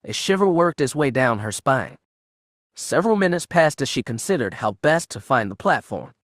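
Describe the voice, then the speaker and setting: A man's voice: medium pitch, very animated, moderate pace, dry recording. Man narrating an audiobook, dry sound. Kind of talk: scripted narration.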